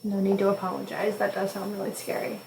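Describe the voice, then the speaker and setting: Soft-spoken woman podcast host. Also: medium pitch, level tone, quick pace, creaky, a little hiss or hum, poor audio. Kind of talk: interviewing a guest.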